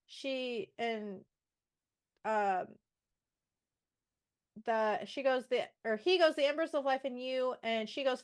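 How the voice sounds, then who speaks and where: A woman's voice: sits high, slow, long pauses, clean tone. A woman co-hosting a book podcast in casual chat, sassy and swearing freely as she mocks the characters and reads passages aloud. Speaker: podcast co-host.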